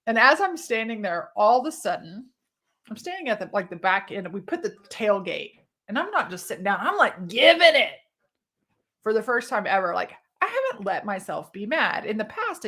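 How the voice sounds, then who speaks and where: Animated, swearing woman. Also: medium pitch, brisk, slightly rough. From Texas, USA. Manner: animated, swears freely, laughs often. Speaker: podcast host. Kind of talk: casual storytelling monologue.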